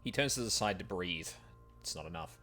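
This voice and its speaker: A man's voice: low voice, lively intonation, fairly quick, bright, forceful tone, a little hiss or hum. A man streaming a game, reading its text aloud in a wry, joking way.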